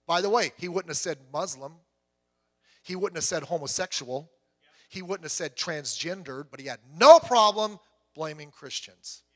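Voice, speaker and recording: A man in his fifties preaching a sermon, telling stories with animated voices and swinging from loud to hushed. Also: a little high, moderate pace. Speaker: pastor. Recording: long hall reverb.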